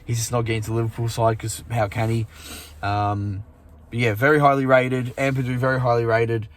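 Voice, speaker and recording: A man's voice: medium pitch, little pitch movement, brisk. A man hosting a fan channel, chatting casually and sleepily about football with many fillers and restarts. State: sleepy, yawning. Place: outdoors in morning sun.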